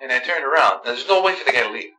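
A man who is an Orthodox priest, giving a sermon with lively storytelling and quoted dialogue. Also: medium pitch, very fast, slightly rough, soft background music, poor audio.

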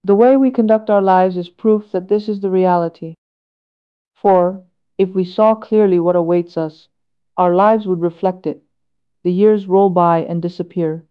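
Smooth-voiced woman reading a solemn sermon. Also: medium pitch, dull audio. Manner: measured and earnest, with rhetorical questions. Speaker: reader of a sermon. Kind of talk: slow, solemn read-aloud homily.

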